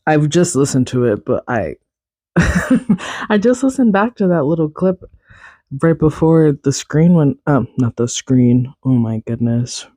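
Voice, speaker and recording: A man's voice: a little high, animated, a little slow, mellow, dry recording. A young man hosting a solo podcast, chatting casually and rambling, correcting himself with little laughs. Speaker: podcast host.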